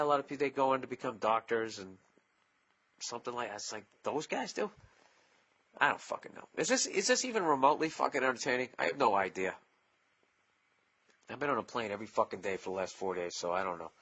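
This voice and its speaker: Profane ranting man with bright tone. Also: mid-range voice, lively intonation, quick pace, slightly rough. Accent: Boston. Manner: profane, sarcastic, riffing, mocks in raised voice. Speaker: podcast host. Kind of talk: solo comedic rant.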